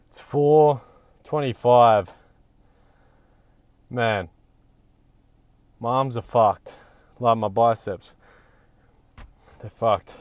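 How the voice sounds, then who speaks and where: A young man talks straight into his camera in a loose, profane vlog, blunt and a little out of breath. His voice is mid-pitched with a gravelly edge, and the sound is close and dry with no room around it. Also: slow pace, long pauses, no room sound. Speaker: vlogger. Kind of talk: casual vlog talk.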